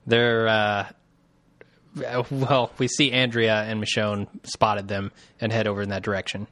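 A man's voice: fairly low pitch, flat delivery, a little slow, fairly bright tone, no room sound. Laughing, easygoing male podcast co-host. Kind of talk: casual chat.

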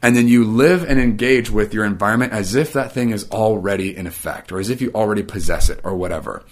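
Emphatic man preaching on faith, lowish voice. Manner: emphatic, builds to animated peaks then drops low and quiet; casual, filler-heavy phrasing. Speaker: Christian teacher. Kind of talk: faith-based monologue.

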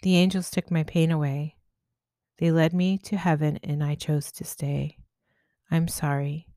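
A woman's voice: deep voice, fairly even intonation, measured pace, warm tone, no echo. A woman voicing a young woman spirit who is thoughtful, hesitant and fearful. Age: young adult.

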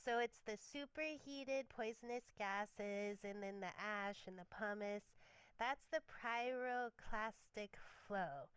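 A young woman co-hosting a podcast, sharing researched facts in a relaxed, chatty way with lots of fillers. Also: medium pitch, takes it slowly, smooth, dry recording. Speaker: podcast co-host. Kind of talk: casual chat.

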